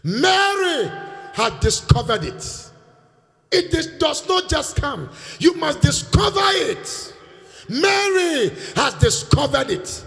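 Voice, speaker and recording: A Nigerian man preaching a sermon in a church hall, leading call-and-response and breaking into shouts. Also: very high-pitched, big pitch swings, slow, vocal fry. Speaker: pastor. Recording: reverberant church hall, faint music.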